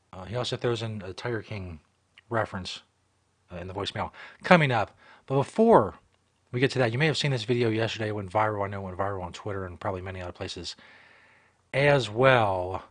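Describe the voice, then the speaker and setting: A man's voice: lowish voice, a little fast. A man hosting a live stream show, talking casually in a profane, rambling, joking way.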